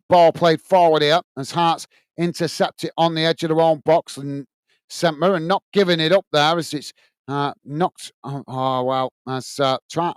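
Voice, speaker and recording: A man's voice: a little high, clear, resonant tone, no echo. A British man hosting a live football watch-along, commentating on play and chatting to viewers, often calling them mate with plenty of fillers. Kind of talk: live match commentary and chat reading.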